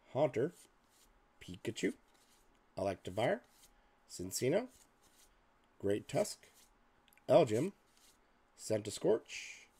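Male host, slow and gravelly, rattling off card names with offhand asides, a bit hoarse. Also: mid-range voice, mellow. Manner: reads off card names in a list, muttering asides. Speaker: card-opening video host. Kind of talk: casual pack-opening commentary.

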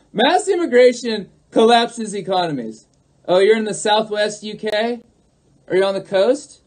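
A man's voice: high-pitched, darkish tone. A man on a livestream who talks to his chat, arguing in a mocking, sarcastic way and repeating his points. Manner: argumentative, repeats himself. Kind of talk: livestream talk answering chat.

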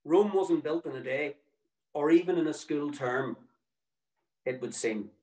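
A man's voice: a little high, unhurried, a little mellow, echoey room, distant mic, rough recording. A middle-aged man, telling a personal story to an audience with dry, wry, mock-exasperated humour.

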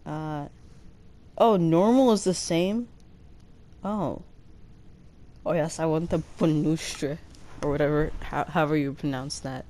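A woman with a low voice hosts a gaming channel, chatting casually as she plays. She breaks into excited squeals and slowly sounds out foreign words.

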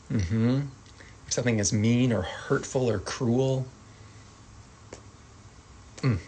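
A man teaching sign language vocabulary, calmly repeating each word and adding gentle asides. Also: fairly low pitch, slight background noise, rough recording. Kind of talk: slow vocabulary lesson.

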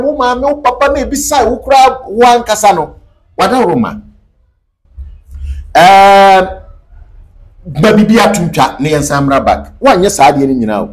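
A Ghanaian-accented man gives emphatic, sermon-like answers as an interview guest. His voice sits high and swings widely in pitch. He mixes Twi and English as he talks. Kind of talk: animated interview talk.

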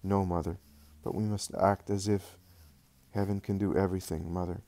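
A gentle, sorrowful Jesus, read by a man in a devotional storybook reading. The voice is low and dark, soft and measured in its tenderness. The sound is dry and close. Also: little pitch movement, dry recording. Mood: tender. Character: Jesus, gentle grieving teacher, adult man.

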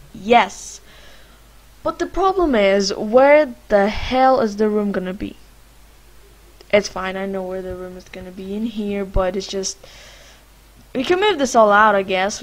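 A woman's voice: mid-range voice, rough recording. A young woman from Lithuania chatting casually as she plays a life-sim game, rambling and talking to her characters with lots of fillers. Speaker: gaming vlogger. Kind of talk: casual let's-play commentary.

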